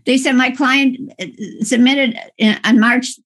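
A woman attorney making an impassioned oral argument before a court, halting and restarting often. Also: high voice, fairly even intonation, fairly bright tone. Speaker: appellate attorney.

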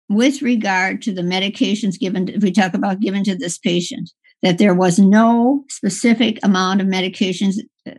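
Impassioned woman attorney, creaky husky voice. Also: mid-range voice. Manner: impassioned, halting with frequent restarts. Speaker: appellate attorney. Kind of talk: courtroom oral argument.

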